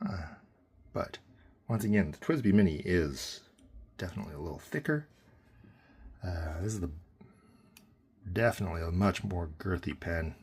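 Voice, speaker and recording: A man's voice: deep voice, lively intonation, moderate pace, long pauses, a little mellow, husky. A man giving a casual, rambling pen review, full of fillers and self-corrections.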